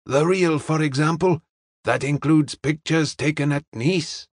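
A man's voice: a little high, dry recording, clean studio sound, voice pushed up. A man voicing a courteous middle-aged male detective who speaks formally and evenly. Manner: polite, formal, measured.

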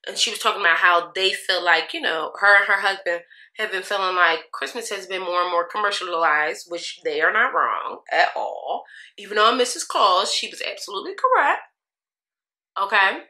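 The voice is a young woman's, medium-pitched and sharp, with lively intonation at a normal speed. As a beauty vlogger doing a casual get-ready-with-me, she talks sassily to viewers, often laughing, in an echoey room.

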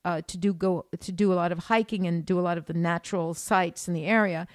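A woman's voice: lowish voice, steady tone, fast, no echo, studio quality. A woman with an American accent, co-hosting a casual travel podcast and explaining things in a teacherly way, with fillers and restarts. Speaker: podcast co-host; former art school teacher.

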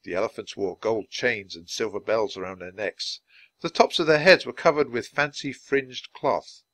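A man reading a children's chapter book aloud clearly, for language learners. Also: lowish voice, moderate pace, a bit bright, no room sound. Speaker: storybook reader.

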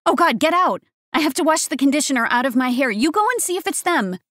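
A woman voicing a cheeky, quick-tempered young woman in an audiobook, higher and louder than her narration. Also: wildly swooping pitch, dry recording, studio quality, full character voice. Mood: sharp.

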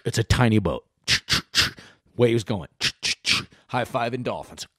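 A man, a comedian hosting his podcast, telling a story with lots of swearing and high-pitched quoted voices. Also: slow pace, no room sound, clean studio sound. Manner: profane, animated, acts out quotes in high voices. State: sweating. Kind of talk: comic storytelling monologue.

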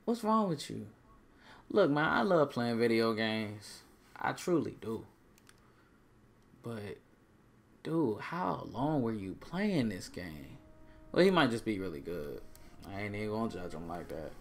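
A man giving casual, joking commentary while playing a shooter game, with sudden loud bursts of excitement. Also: on the low side, unhurried, pauses often. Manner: joking, loose and self-mocking. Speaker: gamer.

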